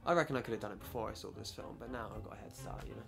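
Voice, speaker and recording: A man co-hosting a casual film chat, quick, rambling and offhand. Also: on the low side, vocal fry, over music. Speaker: podcast co-host.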